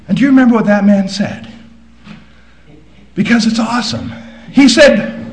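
Male pastor, sermon delivery, high voice, big loud-to-hushed swings, echoey recording. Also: very animated, moderate pace, long pauses. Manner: dramatic swings from loud emphasis to hushed asides.

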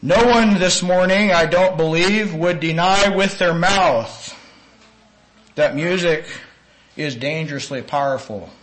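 High-voiced man preaching earnestly. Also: takes it slowly, low-quality recording. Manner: earnest, emphatic, with sharp rises in pitch and loudness. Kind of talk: sermon lecture.

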